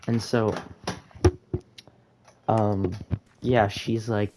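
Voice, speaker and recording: A man's voice: on the low side, fairly even intonation, slow, long pauses, darkish tone, a little hiss or hum. A young man casually telling a rambling, laid-back story over gameplay, full of fillers and slang. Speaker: gaming storyteller.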